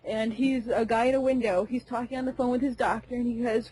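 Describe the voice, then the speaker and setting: A woman co-hosting a casual gaming podcast, chatty and quick to laugh, filling her talk with "like.". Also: a little high, fairly even intonation, warm tone, slightly rough, dry recording, low-quality recording. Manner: chatty, laughs often, many "like" fillers. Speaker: podcast co-host.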